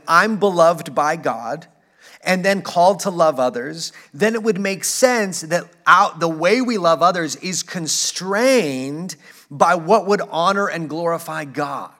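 A man in his thirties preaches in a conversational way, restarting phrases and asking "right?" to check in. His voice sits a little high for a man, and he slows down to stress key words. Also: lively intonation, bright, forceful tone. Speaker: pastor. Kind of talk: sermon.

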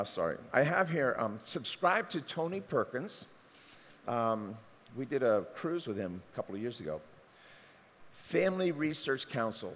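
A man preaching a sermon, animated and acting out the voices he quotes. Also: mid-range voice, in a large hall. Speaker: pastor.

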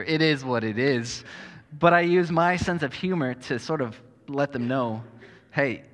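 Male pastor, mid-pitched, conversational sermon delivery with dry humor, recorded in an echoey church hall. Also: a bit bright. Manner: conversational, self-deprecating humor.

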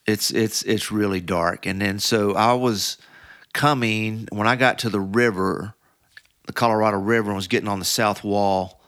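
A man's voice: lowish voice, fairly even intonation, normal speed, a bit bright, no echo, clean studio sound. A middle-aged man, a podcast guest, telling a story casually with many fillers and restarts.

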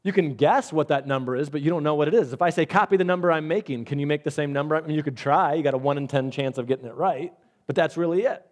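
Man, pastor, conversational sermon, slightly high voice. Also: fast. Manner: conversational preaching with repeated words and demonstrations.

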